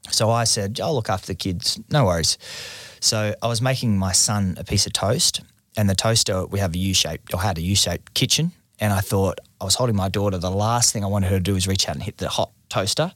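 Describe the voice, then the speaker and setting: An Australian man in his thirties, with a fairly low voice, tells a story on a podcast and laughs at his own mishaps. The sound is dry and close, with no room around it. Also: brisk, no room sound. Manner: animated storyteller, laughs at himself. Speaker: podcast co-host. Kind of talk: casual storytelling chat.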